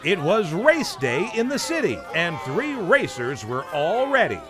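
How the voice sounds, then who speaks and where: A man narrating a children's storybook in an animated, expressive way. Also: high voice, a little slow. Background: music.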